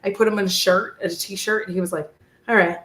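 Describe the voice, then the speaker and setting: A young woman hosting a casual chat, telling stories in an animated way with acted quotes. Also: medium pitch, fast, reverberant. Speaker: host. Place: indoors at home.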